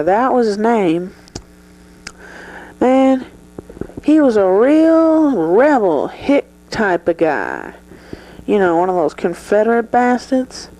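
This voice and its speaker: A brash, high-voiced male movie star, put on by a performer in a comedy sketch. He swears at every turn, drops "man" into every sentence and drawls along slowly. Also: darkish tone, poor audio. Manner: swears constantly and keeps saying "man". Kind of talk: improvised comedy sketch interview.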